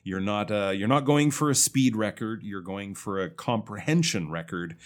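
Man, pronunciation teacher, lowish voice, patient, explanatory, slows down on example words. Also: expressive. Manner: patient, explanatory, drawls words slowly to demonstrate. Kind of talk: feedback on listener recordings.

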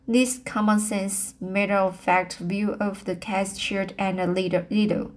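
A woman reading a novel aloud at a very slow pace. She stumbles often, restarting phrases and repeating words as she goes. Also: mid-range voice, fairly even intonation. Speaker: audiobook reader.

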